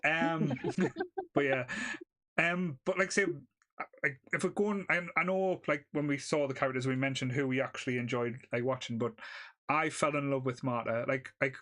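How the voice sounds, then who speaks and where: A man's voice: mid-range voice, normal speed, bright, forceful tone. A man from England chatting casually on a film podcast, laughing often and swearing freely. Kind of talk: casual chat.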